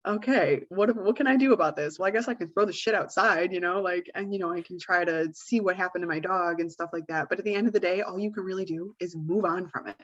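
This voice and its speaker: Woman co-host, lowish voice, talks casually with lots of fillers, muffled lo-fi audio. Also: fast talker, hardly any pauses. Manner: rambling, full of "like" and "you know". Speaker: podcast co-host. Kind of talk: casual advice chat.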